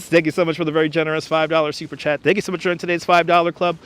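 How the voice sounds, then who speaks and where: A man's voice: on the high side, level tone, very fast, hardly any pauses, fairly bright tone, clean tone. A man hosting a casual outdoor live stream on a wireless clip-on mic, chatting, reading out viewer comments and greeting people by name. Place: outdoors on a frozen beach.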